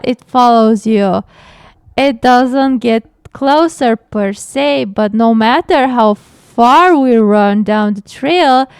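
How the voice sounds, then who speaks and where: A young woman reading a scary story aloud, halting to react with gasps and nervous laughs. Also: a little high, smooth, no echo, studio quality. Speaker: horror story reader and reactor.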